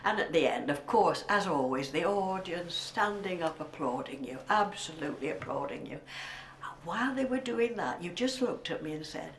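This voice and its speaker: Older actress, low voice, heartfelt whispery tribute; roomy dressing room, faint hiss. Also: female voice, animated, normal speed. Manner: emotional, often dropping to a whisper. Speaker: actress giving a recorded tribute.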